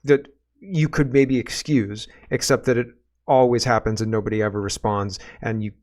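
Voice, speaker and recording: A man's voice: medium pitch, steady tone, moderate pace, darkish tone. Sarcastic, exasperated man ranting casually. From Canada. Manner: sarcastic, exasperated, mocking voices in quotes. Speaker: political commentary host. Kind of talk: casual solo political commentary, reading viewer comments.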